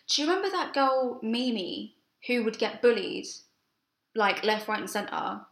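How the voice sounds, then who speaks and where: A woman's voice: on the high side, unhurried. A young woman co-hosting a casual podcast, telling stories with plenty of swearing. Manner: storytelling, swears freely, animated when excited. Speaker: podcast co-host. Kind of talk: casual chat. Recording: roomy echo.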